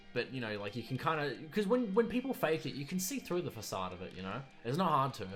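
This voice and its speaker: A young man of about twenty, speaking at an ordinary middle pitch, rants casually through his list of annoyances. His tone is sarcastic and exasperated, and soft music plays faintly behind him. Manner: sarcastic, exasperated, chuckling asides. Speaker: streamer and video maker. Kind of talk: casual ranting vlog.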